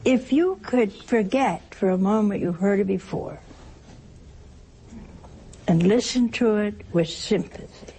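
A woman's voice: medium pitch, lively intonation, slow pace, pauses often, dark tone, a little hiss or hum. An older woman preaching a sermon in a homespun, teasing way, asking rhetorical questions and acting out little everyday scenes. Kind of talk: sermon on works of mercy.

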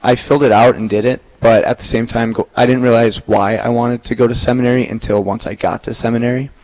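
A young man in his twenties, a seminarian guest, talking about himself in a relaxed, easygoing way in an interview. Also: mid-range voice, fast talker, rough recording. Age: 20s. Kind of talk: casual interview chat.

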